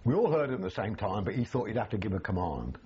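An older man, recalling his army days in an animated, storytelling way, full of restarts. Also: fairly low pitch, fast talker, husky, muffled recording. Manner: animated, acts out quoted voices, frequent restarts. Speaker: army veteran interviewee. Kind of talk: storytelling reminiscence.

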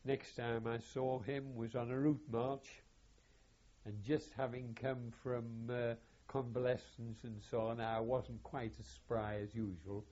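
Slow, husky older man. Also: medium pitch, flat delivery, darkish tone, muffled recording. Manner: halting, measured, wry and self-deprecating. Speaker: veteran interviewee. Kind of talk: oral history recollection.

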